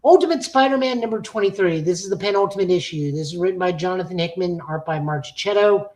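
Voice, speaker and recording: Woman co-host, low-ish voice, blunt and opinionated, casual podcast chat. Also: fast talker, darkish tone, poor audio. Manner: opinionated, blunt, frequent fillers. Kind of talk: casual comic-book review chat.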